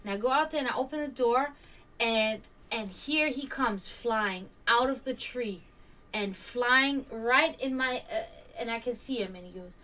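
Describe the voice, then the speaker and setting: A woman's voice: a little high, a little slow, pushed and bright, recorded from a distance. A woman hosting a stream, telling a story casually, rambling with many fillers and restarts. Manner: imitates hawk caws. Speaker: stream host.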